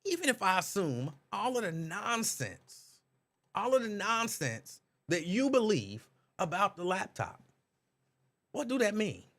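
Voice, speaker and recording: A man hosting a live talk stream, reading viewers' comments aloud and riffing on them in an animated, direct way. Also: sits high, a little slow. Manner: animated, talks straight to chat viewers. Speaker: talk show host reading live chat.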